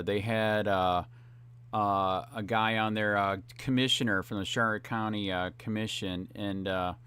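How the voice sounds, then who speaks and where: A man's voice: lowish voice, a bit bright, clean tone, no echo. A man hosting a cop watch vlog, ranting in a profane, rambling way full of fillers as he grows heated. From Florida. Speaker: cop watch channel host.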